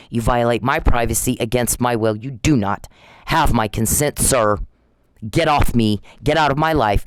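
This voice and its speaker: A man's voice: medium pitch, dry recording, rough recording. A man delivering an angry, profane rant straight at the person he is confronting, repeating the same warnings again and again. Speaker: vlogger addressing a harasser. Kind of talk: angry direct-address rant.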